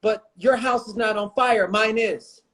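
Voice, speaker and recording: A man with a high-sitting, slightly bright voice appears as a guest on a livestreamed interview, speaking a little slowly. A motivational speaker and coach, he talks with passion and repeats phrases for emphasis, picked up by a phone or computer mic.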